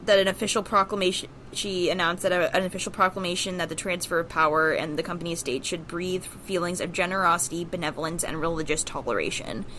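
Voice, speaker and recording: A chatty woman with a lowish voice, co-hosting a casual podcast. She reads out history facts, stopping often for fillers and restarts. Faint noise hums under her voice. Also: steady tone, quick pace, hardly any pauses, sharp tone. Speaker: podcast co-host. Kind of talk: casual chat.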